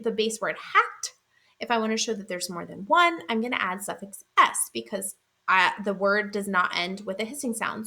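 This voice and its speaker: Bright-voiced woman teaching phonics rules. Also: a little high. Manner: clear, patient, checks in with "right?"; sounds out speech sounds slowly and deliberately. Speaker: literacy teacher trainer. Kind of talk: instructional slideshow lesson.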